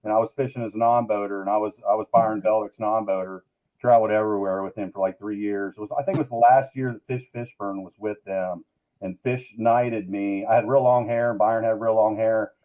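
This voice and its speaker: A man's voice: fairly low pitch, steady tone, brisk, dark tone, highs cut off. A man who is a guest on a live fishing show, telling long rambling stories in casual chat. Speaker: guest, tournament angler. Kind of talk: casual storytelling.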